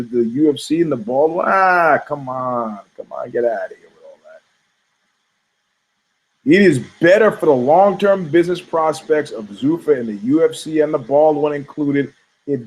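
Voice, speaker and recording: A middle-aged man, a podcast co-host, talking casually and with strong opinions, telling animated stories and acting out the people he quotes. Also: medium pitch, moderate pace, rough recording. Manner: animated storytelling, acts out quoted voices, frequent laughs.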